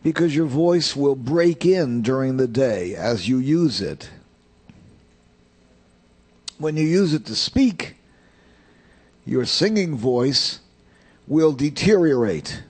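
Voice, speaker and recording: A man's voice: mid-range voice, expressive, takes it slowly, pauses often, darkish tone, breathy edge. An older man giving a rambling, plain-spoken voice lesson, drifting into anecdotes. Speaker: voice teacher.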